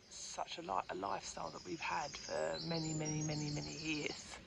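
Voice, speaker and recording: A chatty woman talks straight to her phone in a gravelly voice, gushing and thinking out loud. She often sinks to a hushed near-whisper. Birdsong and outdoor noise hiss behind her. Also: sits low, steady tone, moderate pace, hardly any pauses. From Peckham, London. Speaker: vlogger. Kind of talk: casual vlog talk to camera.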